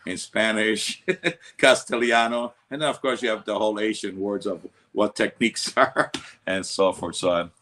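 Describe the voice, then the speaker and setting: A martial arts instructor with an Italian accent, rambling in casual chat with lots of fillers and laughs. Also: male voice, fairly low pitch, fairly even intonation, normal speed, fairly bright tone, slight background noise.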